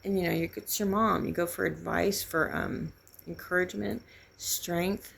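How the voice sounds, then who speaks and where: A middle-aged woman telling a painful personal story in halting, grieving, raw speech. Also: on the low side, steady tone, gravelly, a bit bright, a little hiss or hum. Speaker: vlogger sharing a personal story. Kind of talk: candid personal testimony.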